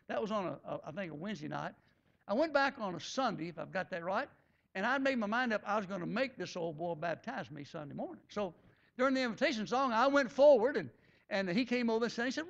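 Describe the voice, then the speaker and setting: A man's voice: high-pitched, expressive, fast talker, a bit bright. Guy preaching his own conversion story, folksy, acts out the back and forth, muffled lo-fi sound. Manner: folksy, acts out quoted dialogue. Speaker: guest preacher. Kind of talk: sermon testimony storytelling. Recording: dull lo-fi recording.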